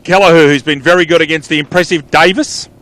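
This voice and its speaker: A man with an Australian accent calling a local football match live, chatty, with quick calls that trail off into asides. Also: on the high side, fairly even intonation, fairly bright tone. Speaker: play-by-play commentator.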